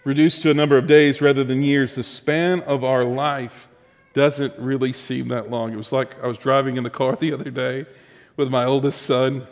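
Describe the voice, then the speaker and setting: A man's voice: medium pitch, little pitch movement, moderate pace, big-room sound. A man preaching a sermon as pastor, conversational and humorous, with asides to the congregation.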